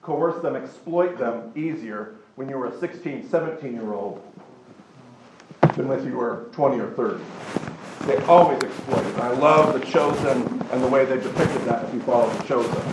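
A man teaching a Bible class in a lively conversational way, often acting out quick voices of other people for the group. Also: mid-range voice. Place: class room in front of a group. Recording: echoey room with background noise.

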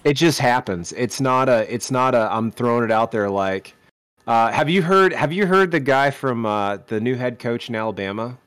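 A man's voice: medium pitch, moderate pace, a bit bright, clear, resonant tone, dry recording. A man co-hosting a podcast, chatting casually and telling rambling stories with lots of restarts. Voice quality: rambling, storytelling, self-correcting. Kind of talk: casual chat.

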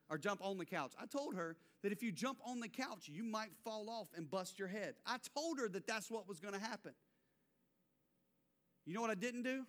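Bright, high-voiced young male preacher. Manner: animated storytelling, acts out quotes. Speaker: pastor. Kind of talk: sermon.

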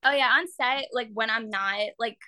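Bright chatty young woman. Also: moderate pace, no echo. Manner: chatty, full of "like" fillers, acts out quotes in high voices. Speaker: guest, actor and artist. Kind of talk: casual interview talk.

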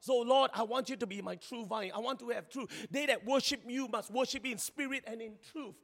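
Guy preaching a sermon, really high voice, animated, long hall echo. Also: brisk. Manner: animated, chatty, laughs often, acts out little scenes. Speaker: pastor.

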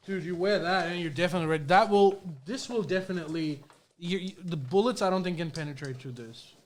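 A man's voice: high-pitched, quick pace. A man co-hosting a podcast, chatting casually and teasing his friends bluntly. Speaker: podcast co-host.

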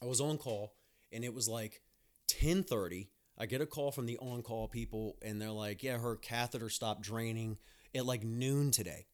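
Young male podcast host, mid-pitch, casual monologue, crude and blunt. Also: moderate pace. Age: young adult. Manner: blunt, profane ranting with mocking asides.

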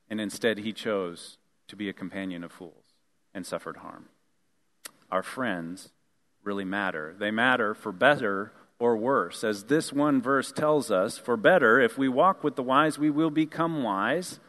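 A man's voice: medium pitch, fairly bright tone. Male pastor, mid-range voice, casual sermon delivery with asides, big echoing hall. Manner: conversational, with casual asides between scripture readings. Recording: long reverb of a large hall.

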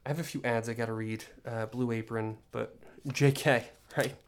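A man's voice: medium pitch, steady tone, moderate pace, clear, resonant tone. A young man hosting a solo podcast, rambling in an exasperated, joking rant with many restarts. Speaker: podcast host.

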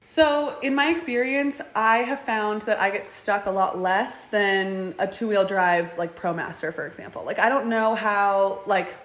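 A woman's voice: mid-range voice, measured pace, hardly any pauses, reverberant. A young woman guest in a casual interview, telling stories animatedly and saying "like" a lot. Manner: animated, says "like" often, acts out quotes. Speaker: guest, van dweller.

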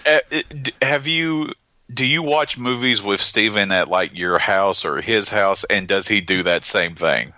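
A man as a podcast guest, talking casually in a halting way with many pauses and restarts. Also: fairly low pitch, bright, forceful tone, no echo. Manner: halting, lots of fillers and restarts.

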